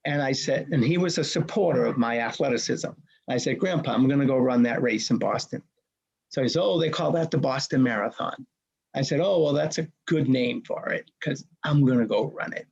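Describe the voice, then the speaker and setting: Husky older man telling a story. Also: medium pitch, a little fast, highs cut off. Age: 60s. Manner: punchy, animated retelling with quoted dialogue. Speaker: race director, guest. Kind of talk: dramatic personal storytelling.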